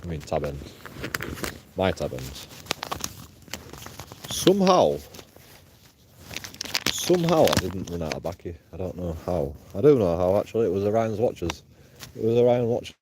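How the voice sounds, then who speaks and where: A man's voice: low-pitched, sing-song, unhurried, long pauses, background noise. A man livestreaming while walking outdoors at night, rambling, swearing freely and laughing often. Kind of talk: rambling casual livestream chat.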